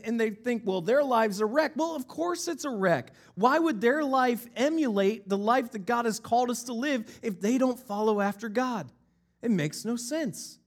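High-voiced man preaching emphatically. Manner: emphatic, rhetorical questions, repeats key lines. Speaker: pastor. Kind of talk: sermon.

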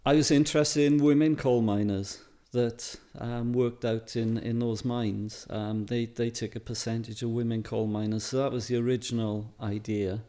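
A middle-aged Welsh man talks at an easy, storytelling pace. He fills his sentences with ums and little laughs and sounds relaxed and conversational. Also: medium pitch, normal speed, few pauses. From Wales. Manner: chatty, anecdotal, laughs often, many fillers. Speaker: photographer guest. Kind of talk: casual interview chat.

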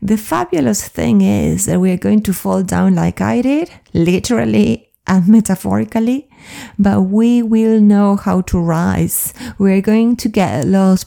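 Heavily gravelly, mellow-voiced woman coach. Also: medium pitch, a little slow. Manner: soft-spoken, earnest and confiding. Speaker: flow coach. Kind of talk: personal reflective monologue.

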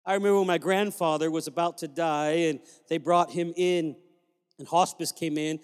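A man's voice: on the high side, steady tone, moderate pace, smooth. A man preaching a sermon as pastor, telling family stories with sudden joyful whoops. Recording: long reverb of a large hall.

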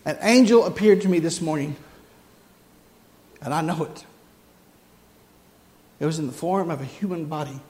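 A man's voice: high-pitched, in a large hall. A middle-aged man, preaching a sermon as pastor and telling a story with emphatic repeated phrases.

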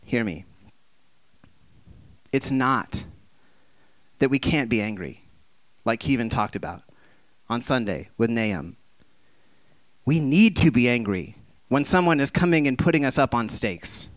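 An unhurried man with lively intonation preaches, leaving long pauses; the recording has no echo. His sermon is passionate yet conversational, packed with rhetorical questions, and he performs quoted voices with dramatic shifts in pitch and loudness.

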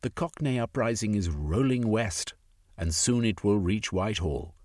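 A man's voice: fairly low pitch, expressive, normal speed, a little mellow, no echo, clean studio sound, close to an everyday voice. A man voicing a passionate young aristocrat turned radical, pleading his case in a storybook reading. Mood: impassioned.

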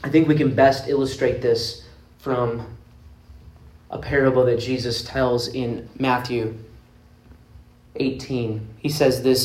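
A man preaching a sermon, retelling a parable in an earnest, emphatic way with dramatic pauses. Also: mid-range voice, little pitch movement, a little mellow. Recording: roomy echoing space.

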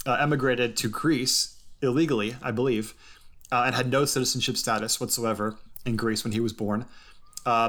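A man's voice: on the low side, fairly bright tone. A man hosting a casual podcast chat, telling a long story in a rambling way with lots of ums and frequent laughs. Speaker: podcast host.

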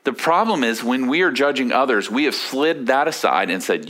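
A man preaching with a bright, forceful edge to his voice. He talks conversationally, checking in with the congregation with quick questions, and lets his voice sink low and quiet on the points he wants to land. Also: expressive. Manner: conversational, asks the listeners questions with frequent "right?". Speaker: pastor. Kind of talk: sermon.

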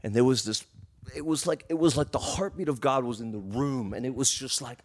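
A male preacher telling a story in a sermon, animated and emotional, often restarting his words. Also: mid-range voice, a little fast.

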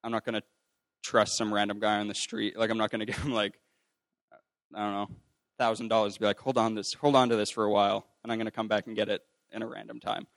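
Young man, low gravelly voice, dry close sound, telling a rambling personal testimony. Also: little pitch movement, quick pace, fairly bright tone, dry recording. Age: young adult. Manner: rambling with many fillers and restarts; acts out quoted voices. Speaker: ministry student sharing a testimony.

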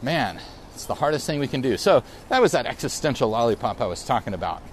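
A man's voice: medium pitch, very animated, fast. Middle-aged male podcast host, mid-range voice, musing aloud outdoors with light traffic noise around him. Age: 40s. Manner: rambling, reflective and self-correcting. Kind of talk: casual solo podcast monologue. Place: outdoors on a bike ride through a park.

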